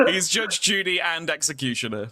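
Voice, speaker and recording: Giggly, bright-voiced man. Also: high voice. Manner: hesitant, lots of fillers and giggles. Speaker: show creator and game master. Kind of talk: casual livestream chat.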